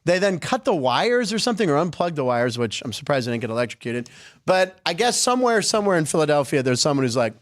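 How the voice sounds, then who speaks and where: A man's voice: a little high, very animated, quick pace. A man hosting a sports podcast, chatting casually with wry, sarcastic asides.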